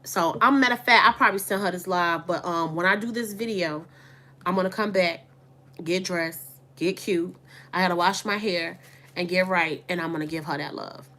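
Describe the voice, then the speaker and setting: Speaking to camera at a moderate pace, an online boutique owner and vlogger chats with her viewers in a casual, candid way. Her voice is lowish, with a bright, forceful tone.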